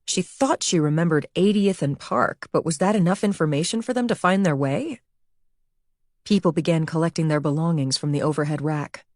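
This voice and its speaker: A woman narrating an audiobook with even, measured storytelling. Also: deep voice, no room sound, clean studio sound. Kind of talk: scripted narration.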